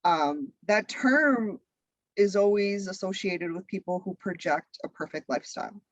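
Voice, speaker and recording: A woman guest on a podcast, a content creator and comedian, talking in a blunt, profane, animated way. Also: medium pitch, measured pace, no room sound, rough recording. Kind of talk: casual interview chat.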